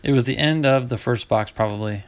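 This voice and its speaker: A man's voice: medium pitch, a little fast. A middle-aged man hosting a live baseball card break, chatting casually with his viewers as he sorts cards. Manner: chatty, talks to chat viewers while sorting cards.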